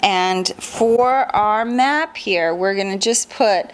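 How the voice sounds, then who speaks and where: A woman's voice: mid-range voice, slow, clear, resonant tone. A woman teacher walking children through a homeschool lesson, asking them questions and chanting memory rhymes in a sing-song. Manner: encouraging, asks children questions.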